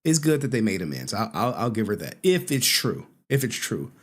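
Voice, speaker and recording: A man's voice: lowish voice, sing-song, fairly quick. A man in his thirties giving blunt, profane, mocking commentary while he reacts to an interview clip.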